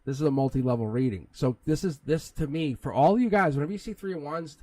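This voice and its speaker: A man's voice: on the high side, fast, a little mellow, no echo, rough recording. A man hosting a live tarot reading, talking in a rambling, casual way, chuckling often and swearing now and then. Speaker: tarot reader, livestream host.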